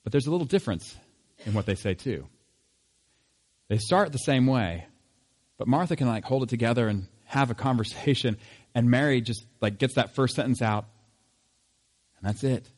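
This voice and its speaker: A man delivers a sermon at a middle pitch. He preaches in a relaxed, conversational way and keeps asking his listeners rhetorical questions. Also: moderate pace, long pauses. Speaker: pastor.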